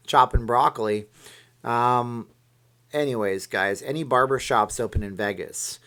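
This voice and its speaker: A man's voice: mid-range voice, unhurried, a bit bright, clean tone. A man hosting a casual live stream, rambling as he reads viewer comments aloud and answers them.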